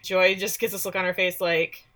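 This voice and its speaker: Bright-voiced woman recapping a show. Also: fairly low pitch, little pitch movement, normal speed. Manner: chatty and sarcastic, acts out quotes with voices. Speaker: podcast co-host recapping a TV series. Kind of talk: casual chat.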